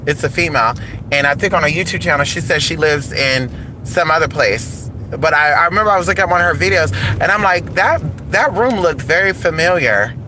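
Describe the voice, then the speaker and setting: A man chatting sassily and animatedly while vlogging from his car. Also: a little high. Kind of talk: casual car vlog. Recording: traffic noise behind. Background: road traffic.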